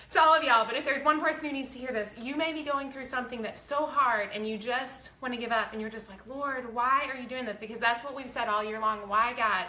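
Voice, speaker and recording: A woman's voice: a little high, bright, forceful tone, echoey room, slight background noise. A woman, talking earnestly and chattily to her viewers, close to tears, with a faith-filled manner. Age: 40s. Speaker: vlogger. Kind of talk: casual heartfelt talk to viewers.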